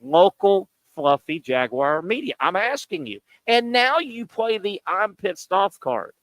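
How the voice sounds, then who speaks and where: Combative sports talk host, dry sound. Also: male voice, high voice, big pitch swings, a little slow, no room sound. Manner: combative, scolding, rhetorical questions. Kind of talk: sports talk radio rant. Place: bar and grill at a sports complex.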